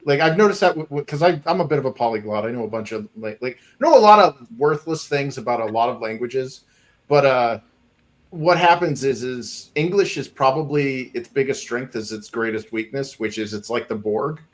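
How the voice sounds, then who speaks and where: A man co-hosting a casual comics podcast, talking in a rambling, quick way with lots of restarts. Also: mid-range voice, lively intonation. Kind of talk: casual chat.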